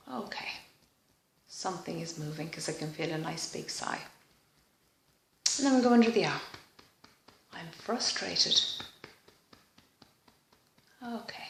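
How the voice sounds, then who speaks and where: A woman leading a guided EFT tapping session in a slow, soft, reflective manner, pausing for frequent sighs. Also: on the low side, roomy sound, slight background noise.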